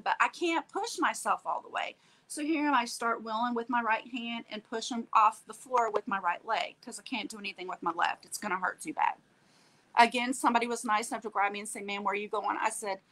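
Woman, slightly high voice, emotional storyteller on a chat show who acts out the quotes. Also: brisk, low-quality recording. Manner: animated, acts out quoted dialogue, tags lines with "okay?". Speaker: guest telling her story.

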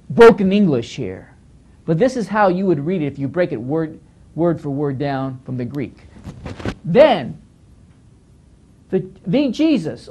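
A pastor teaches scripture in a Bible teaching lecture, his high, lively voice swinging widely up and down. He's emphatic, scolds now and then, and repeats phrases while working through each point.

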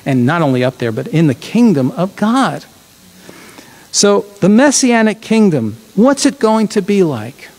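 A man's voice: sits high, very animated, a little slow, a little mellow, rough recording. A man leading a congregation in a chatty, reflective sermon, often correcting himself mid-phrase. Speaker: congregation leader.

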